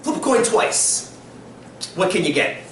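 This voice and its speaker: Recorded from across an echoey classroom, a high-voiced man lectures on statistics at an unhurried pace. He keeps things lively and frequently quizzes his students.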